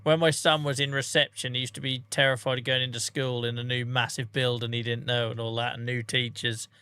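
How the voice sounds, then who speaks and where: Bright-voiced man in his forties, chatty. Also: medium pitch, level tone, a little fast, clean tone, no echo. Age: 40s. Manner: chatty, self-mocking, swears lightly, laughs often. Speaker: livestreamer. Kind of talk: casual livestream chat.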